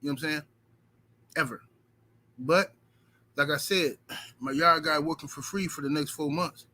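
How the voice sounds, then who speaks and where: A man with a fairly high voice and moderate pace hosts a relaxed livestream, reading out super chats. Animated and profane, he keeps repeating himself emphatically, alternating between loud outbursts and muttering.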